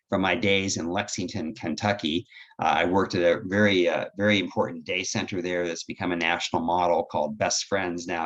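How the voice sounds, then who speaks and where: Deep-voiced man giving a caregiving talk. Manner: earnest, conversational, explains with stories. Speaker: dementia care educator. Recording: dull lo-fi recording.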